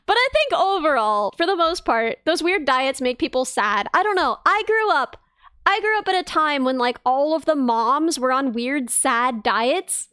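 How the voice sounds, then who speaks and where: A woman streamer chatting casually on a live stream, animated and playful, jumping up in pitch when she mocks people. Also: moderate pace, no echo, clean studio sound. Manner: animated, bouncy pitch, mocking voices.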